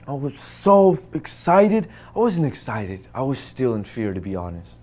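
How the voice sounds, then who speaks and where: A man from the United States retells a personal experience in a middle-pitched voice. He acts out the lines of the people in it and sinks into a near-whisper at the grim parts. He scatters Arabic phrases through his story. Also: big pitch swings, measured pace, few pauses. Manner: dramatic retelling, acts out quoted lines and drops to hushed tones. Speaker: interviewee telling a personal story.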